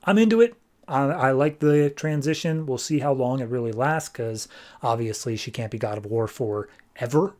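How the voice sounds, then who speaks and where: A man hosting a podcast, casually reviewing a comic book in an animated, chatty way with filler words. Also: mid-range voice, moderate pace. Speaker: podcast host.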